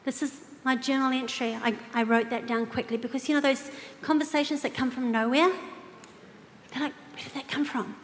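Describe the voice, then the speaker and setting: High-voiced woman preaching a lively sermon. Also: normal speed, a little hiss or hum. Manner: animated, personal storytelling with laughs and direct questions to the audience. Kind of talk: sermon to a women's gathering. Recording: reverberant hall with faint ambience.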